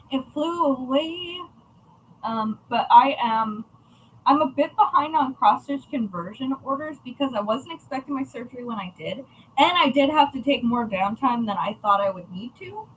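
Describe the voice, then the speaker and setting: High, lively, bright-voiced woman livestreaming. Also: measured pace, breathy edge, low-quality recording. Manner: chatty, profane, self-mocking. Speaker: livestreaming craft shop owner. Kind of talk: casual livestream chat.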